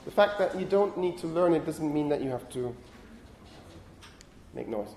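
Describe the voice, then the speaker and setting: Lively male lecturer in an echoey hall. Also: fairly high pitch, normal speed, slight background noise. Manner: lively, self-correcting, frequent "okay?" checks. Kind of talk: university lecture. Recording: roomy lecture hall echo.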